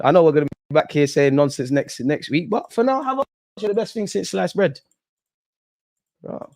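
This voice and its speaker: Excitable young man reacting live. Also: fairly high pitch, fairly quick. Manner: animated, swings from muttering to yelling at the ref. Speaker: football watch-along host.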